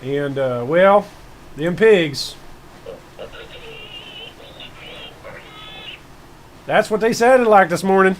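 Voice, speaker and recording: A man's voice: high voice, expressive, slight background noise. A man putting on a folksy old Southern farmer. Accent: put-on Southern US rural. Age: older. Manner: drawling, rambling folksy storytelling with slow emphatic pauses. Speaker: gaming streamer host in character. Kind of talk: comic character bit on a game stream.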